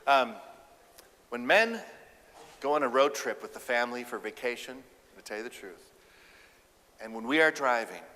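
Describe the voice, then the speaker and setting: A man's voice: mid-range voice, moderate pace, long pauses, in a large hall. A man giving a humorous keynote talk, acting out quoted lines in a raised, playful voice. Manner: animated, acts out quotes with a raised voice. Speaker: keynote speaker.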